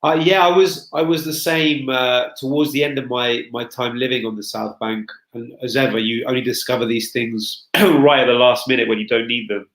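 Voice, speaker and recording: A man's voice: mid-range voice, steady tone, normal speed, few pauses, fairly bright tone, roomy sound, rough recording. A man speaking as a guest consultant in a casual chat, chatty, with frequent restarts and fillers.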